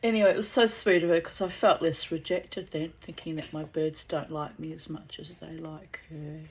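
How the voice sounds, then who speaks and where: A woman tells personal stories in a loose, chatty way, drifting off into asides. Her voice sits low and stays animated throughout. A faint noise hums behind her. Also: normal speed, low-quality recording. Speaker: author. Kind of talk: casual storytelling with asides.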